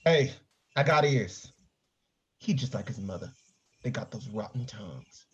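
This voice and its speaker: A man's voice: medium pitch, animated, measured pace, natural voice. A man reading the part of a crude, teasing homeless older man in a play reading over a video call. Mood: bickering. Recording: dull lo-fi video call audio.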